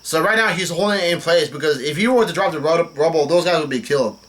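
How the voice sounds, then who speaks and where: A man with a Southern US accent reading a comic chapter aloud and reacting, halting and restarting as he goes. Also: on the high side, a bit bright. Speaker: manga reaction host.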